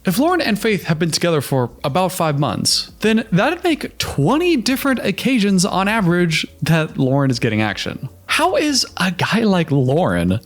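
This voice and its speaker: A man's voice: high voice, huge pitch swings, moderate pace, few pauses. A man giving sarcastic, incredulous reaction commentary on a reality show, breaking down what he sees. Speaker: YouTube commentator.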